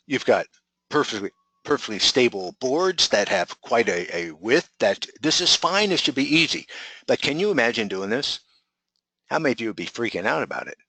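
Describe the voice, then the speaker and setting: A man's voice: medium pitch, bright, forceful tone, dry recording, low-quality recording. A man coaching a group in a webinar, talking energetically and firing rhetorical questions at his audience.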